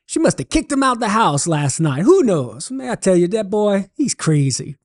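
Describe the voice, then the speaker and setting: Brief: a man doing a Cajun good old boy hollering high from a truck, folksy speech. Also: very animated, normal speed, dry recording, studio quality. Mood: puzzled.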